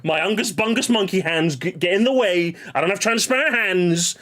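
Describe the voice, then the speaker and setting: A man's voice: high-pitched, moderate pace, fairly bright tone, a little hiss or hum. A man hosting a stream, chatting casually and ranting in mock anger with lots of swearing. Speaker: streamer host.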